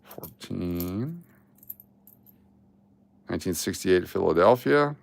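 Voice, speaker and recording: A man talking through a coin roll hunt at his table, muttering to himself, getting excited at finds and groaning at misses. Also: deep voice, slow, vocal fry. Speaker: coin roll hunting host. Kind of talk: casual coin-hunting commentary.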